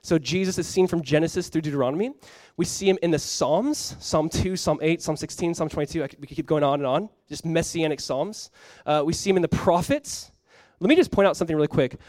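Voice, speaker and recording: A young man with a notably high voice preaches with animated, casual energy, talking to his congregation as if chatting with friends. The sound is dry and close, with almost no room around it. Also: quick pace, no echo. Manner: animated, conversational preaching with frequent "like". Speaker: pastor. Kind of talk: sermon.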